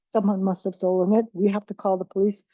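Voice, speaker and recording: A woman's voice: mid-range voice, little pitch movement, quick pace, warm tone, dry recording, muffled recording. A woman giving a conversational presentation to caregivers on dementia care, often restarting her sentences and acting out examples.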